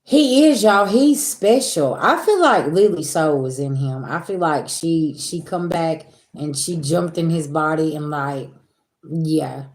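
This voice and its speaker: A woman chatting casually with her viewers as a spiritual reader, animated and venting, swearing freely and calling them y'all. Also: low-pitched, unhurried. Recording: roomy echo.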